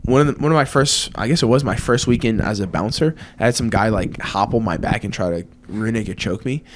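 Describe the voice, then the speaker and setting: Low-voiced man with blunt, short questions. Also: fairly quick, a little hiss or hum. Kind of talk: casual podcast chat.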